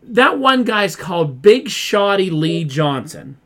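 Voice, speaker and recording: A man's voice: sits high, big pitch swings, slow, fairly bright tone. A man co-hosting a casual wrestling podcast, ranting with exasperation and mimicking fans in quoted voices. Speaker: podcast co-host.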